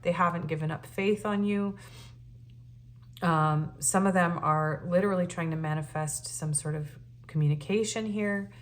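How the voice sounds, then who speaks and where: A woman giving a casual, earnest and emotional tarot reading, often pausing on fillers and restarting her sentences. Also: on the low side. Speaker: tarot reader.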